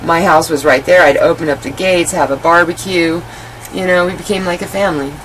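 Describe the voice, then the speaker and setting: A woman's voice: fairly low pitch, steady tone, brisk, a bit bright, slight background noise, low-quality recording. A woman guest in an interview, telling her life story candidly and animatedly, with many "you know" fillers.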